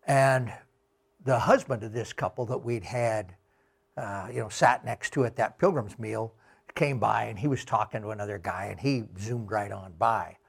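A middle-aged man giving a talk with slides, telling travel anecdotes slowly with many fillers. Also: fairly low pitch, vocal fry, husky. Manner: slow, unhurried anecdotes with fillers. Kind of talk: storytelling talk.

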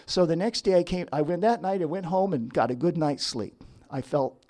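A man's voice: on the high side, normal speed, dark tone. A middle-aged man, a counselor, telling a personal testimony story with frequent restarts. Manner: storytelling, acts out quotes, self-interrupting restarts. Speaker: licensed professional counselor.

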